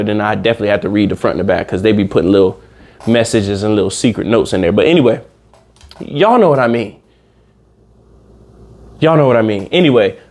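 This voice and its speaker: A man's voice: medium pitch, a little mellow. A man hosting a casual reaction video, rambling and preaching life lessons straight to his viewers and swearing freely.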